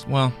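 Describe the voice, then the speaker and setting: A man co-hosting a podcast, telling a rambling story in a casual chat and acting out what people said. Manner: animated storyteller who acts out what people said; rambling, with many fillers and self-corrections. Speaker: podcast co-host.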